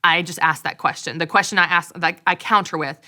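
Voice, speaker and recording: A woman host leads a faith-based podcast conversation in a bright, somewhat low-pitched voice. She talks in an encouraging, emphatic way and keeps affirming her guest. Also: fairly quick.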